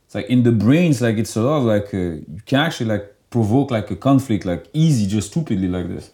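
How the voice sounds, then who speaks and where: A young man talking casually in an interview, loose and animated, and he fills his speech with "like.". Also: lowish voice, brisk. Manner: loose and animated, heavy filler "like". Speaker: guest.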